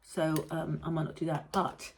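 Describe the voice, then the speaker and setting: A woman's voice: low voice, flat delivery, normal speed, a little mellow, a little hiss or hum. A middle-aged British woman with a rambling, chatty manner and mild swearing, hosting a casual monologue. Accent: British English. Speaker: host. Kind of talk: casual chat.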